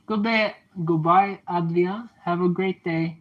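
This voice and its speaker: A man's voice: fairly high pitch, unhurried, muffled recording. Chatty young man streaming while cleaning. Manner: chatty, replies to viewer comments aloud; playful trash talk to the oven. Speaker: livestreamer. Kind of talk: casual livestream chat while cleaning.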